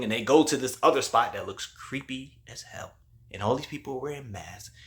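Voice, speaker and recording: A male host giving a casual spoiler movie review, retelling the plot in a loose, slangy way with lots of "like". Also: medium pitch.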